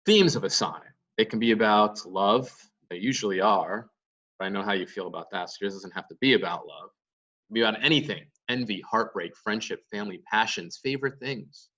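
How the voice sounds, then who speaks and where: A man's voice: fairly low pitch, brisk, a bit bright, recorded from a distance, lo-fi sound. A male teacher giving a lecture, explaining step by step and answering his own questions. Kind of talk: classroom lecture.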